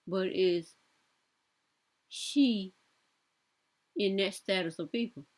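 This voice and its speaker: A woman's voice: mid-range voice, slow. Woman, young adult, casual reaction vlog, sassy, blunt, mid-range voice. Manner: blunt, sassy, talks back at clips. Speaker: commentary vlogger.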